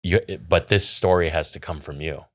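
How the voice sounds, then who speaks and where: A man's voice: low voice, fairly even intonation, moderate pace, a bit bright. A man co-hosting a casual podcast chat, teasing his partner and laughing often. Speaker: podcast co-host.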